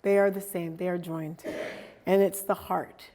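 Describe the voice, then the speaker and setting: A middle-aged woman giving a casual talk about her artwork, animated and acting out quoted dialogue as she tells stories. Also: fairly low pitch, a little slow. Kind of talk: casual presentation.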